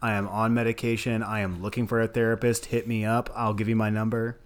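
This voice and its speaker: A man's voice: on the low side, fairly quick, clean tone. A man co-hosting a podcast, talking casually about a film, swearing freely and laughing often. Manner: animated, profane, laughs often. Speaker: podcast co-host. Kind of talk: casual movie discussion.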